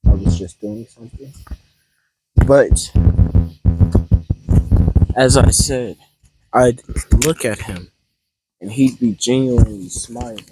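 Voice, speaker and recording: A man's voice: mid-range voice, noisy background. A man casually improvising a fan-fiction story, rambling and hesitant with many ums and restarts.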